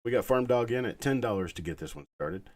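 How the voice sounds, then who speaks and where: A man hosting a live online coin auction, calling bids in a calm, soothing, unhurried way. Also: mid-range voice. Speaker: auctioneer host.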